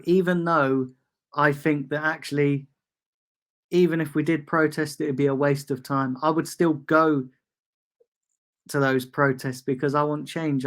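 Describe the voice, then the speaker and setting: A young man rants straight to his viewers, heated and exasperated, hammering the same complaints again and again. His voice sits a little higher than most men's. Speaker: football fan channel host. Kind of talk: ranting monologue.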